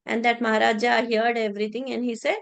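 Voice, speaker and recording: A woman's voice: a little high, little pitch movement, gravelly. Woman telling a devotional story. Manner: halting, many restarts and repeated words. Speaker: devotional class speaker. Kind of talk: storytelling in a religious class.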